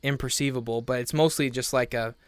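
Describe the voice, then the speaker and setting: A man narrating a tabletop game as game master, in a loose, giggly way with many pauses and restarts. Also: medium pitch, fairly even intonation, clear, resonant tone, no echo.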